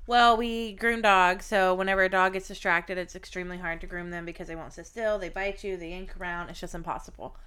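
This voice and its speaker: A woman's voice: on the low side, fairly even intonation, fairly quick, hardly any pauses, a bit bright, clean tone. A woman co-hosting a podcast, telling a profane, blunt story in casual chat. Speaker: podcast co-host.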